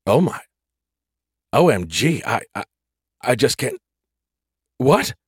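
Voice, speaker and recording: A man's voice: mid-range voice, big pitch swings, slow, husky, dry recording, clean studio sound, pitched above the performer's own voice, heavily acted. A man voicing a snarky, dramatic male AI with a tiny hologram avatar, whiny and exasperated. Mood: exasperated, panicky.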